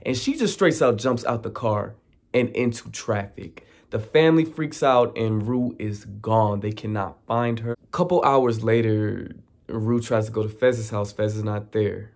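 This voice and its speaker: Gravelly-voiced man recapping a TV episode. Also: lowish voice. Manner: animated, mimics characters in quick asides. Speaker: recap vlogger. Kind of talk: casual TV recap.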